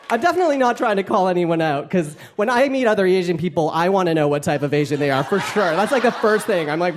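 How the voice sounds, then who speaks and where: Young man, stand-up set, campy and animated, live club mic, audience laughing behind. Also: high voice, fast talker, few pauses, noisy background. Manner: animated, campy, playful asides to the crowd. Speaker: stand-up comedian. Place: live comedy club stage. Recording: live club recording with crowd.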